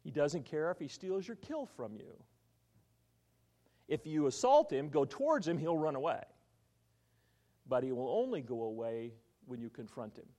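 Lively, animated man preaching a sermon. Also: on the high side, normal speed, long pauses. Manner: animated storytelling, quizzing the congregation. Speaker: pastor.

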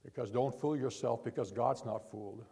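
An older man, a pastor, preaching a sermon in church in an earnest, repetitive way, talking from the heart rather than yelling. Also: mid-range voice, moderate pace, creaky, breathy edge.

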